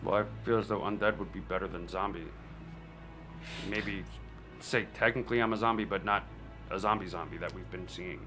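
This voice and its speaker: A man's voice: sits low, a little fast, long pauses, music in the background. A man playing his character in a tabletop game. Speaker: player. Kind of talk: in-character tabletop role-play.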